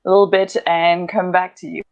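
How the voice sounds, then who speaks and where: A woman's voice: lowish voice, little pitch movement, brisk, a little mellow, highs cut off. A woman guest on a livestream answering sex and relationship questions, speaking hesitantly with many fillers. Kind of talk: casual livestream chat.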